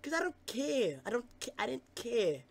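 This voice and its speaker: A young man streaming live, reacting with loud, excitable, profane banter aimed at his chat. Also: very high-pitched, moderate pace.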